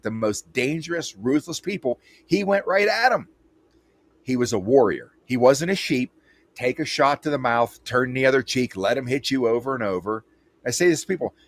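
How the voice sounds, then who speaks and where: A man's voice: medium pitch, gravelly. A man hosting an interview, talking bluntly and emphatically with frequent restarts. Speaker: interview host. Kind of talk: casual interview chat.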